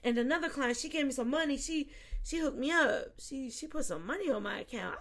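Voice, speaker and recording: A woman in her forties hosting a psychic podcast, chatting casually with listeners, laughing often and dropping to a soft, quiet voice when reflective. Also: high-pitched, lively intonation, a little fast. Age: 40s.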